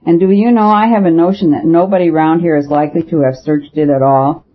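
A man reading the lines of an eager, excitable young American man, quick and emphatic. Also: fairly high pitch, natural voice. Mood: drawling. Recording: dull lo-fi audio.

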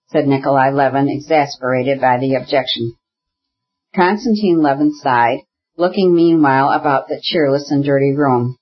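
Husky, measured audiobook narrator. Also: mid-range voice, muffled recording. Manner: steady, measured storytelling. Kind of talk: scripted narration of a classic novel.

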